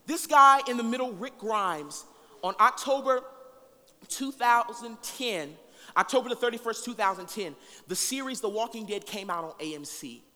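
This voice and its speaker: A man preaching to a congregation in a high, bright, forceful voice. He is animated, swinging from quiet asides to loud calls and drawing answers from the crowd. His voice rings with a long reverb through a large hall. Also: moderate pace. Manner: animated, with big swings in loudness and call-and-response with the congregation. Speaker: pastor. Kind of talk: sermon.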